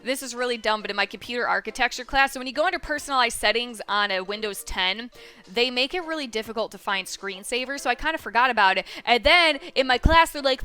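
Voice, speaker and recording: A woman's voice: on the high side, pushed and bright, clear, resonant tone. A young woman chatting casually in a vlog, rambling and swearing freely and joking at her own expense. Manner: rambling, profane, self-deprecating. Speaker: vlogger.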